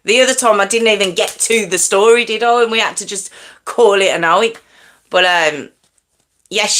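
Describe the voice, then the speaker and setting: A woman hosting a live chat stream, talking casually to her viewers and answering their comments. Her voice is bright and forward, at a middle pitch that leaps up when she teases. She rambles easily and thanks people by name. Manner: chatty, warm to viewers, quick pitch jumps when teasing. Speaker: true crime livestream host.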